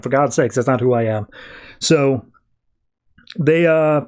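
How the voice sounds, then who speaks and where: A man on a podcast recapping a comic book plot, retelling the scenes in quick, loose quoted back-and-forth with lots of fillers. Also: medium pitch, darkish tone. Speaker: podcast host.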